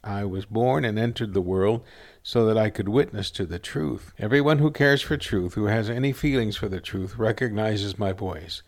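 A man voicing a calm, solemn prophet-king on trial, speaking slowly and quietly in a creaky voice. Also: lowish voice, natural voice.

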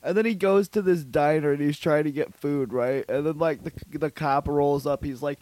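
Rambling crude podcast guy, slightly high. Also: normal speed, a little mellow, no echo. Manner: rambling retelling, slips into goofy voices for characters. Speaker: podcast co-host. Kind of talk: crude casual chat.

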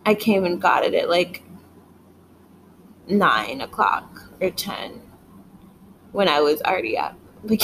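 A woman's voice: on the low side, lively intonation, slow, pauses often, a bit bright, slight background noise, low-quality recording. A sleepy woman chatting casually in a vlog, rambling and saying "like" a lot. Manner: rambling, heavy use of "like".

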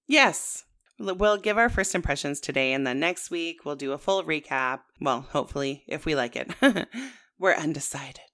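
A woman's voice: deep voice, expressive, moderate pace, fairly bright tone. A woman in her thirties co-hosting a podcast in casual chat, with a sing-songy way of talking. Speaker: podcast co-host.

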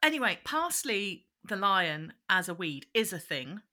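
A woman's voice: mid-range voice, sing-song, a little slow, bright, forceful tone. A woman, co-hosting a podcast and chatting casually as she retells a children's show, breaking into quoted voices. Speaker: podcast co-host.

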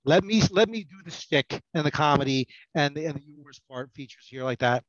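A man's voice: on the high side, animated, brisk, no room sound, dull audio. A middle-aged man chatting as a podcast guest, rambling and self-mocking, with many restarts. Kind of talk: casual podcast banter.

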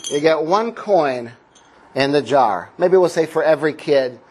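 Playful male pastor, high voice, slight background hiss. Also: expressive, measured pace. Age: adult parent. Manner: playful, jokey storytelling with laughs. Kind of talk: sermon object lesson.

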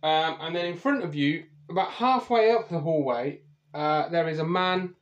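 A man's voice: a little high, normal speed, lo-fi sound, soft background music. A man running a tabletop game as game master, narrating the scene in a rambling way with lots of hesitation.

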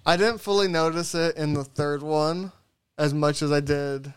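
A man co-hosts a podcast in relaxed, casual chat. His voice sits a little high and comes through smooth and clean. He talks bluntly and swears freely. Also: normal speed. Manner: blunt and profane. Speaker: podcast co-host.

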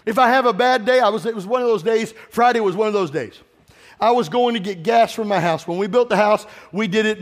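In this sermon, a pastor with a bright, high-pitched voice rouses his congregation and asks them to respond to him. He moves back and forth between biblical passages and personal stories, his voice echoing with long reverb through the large sanctuary.

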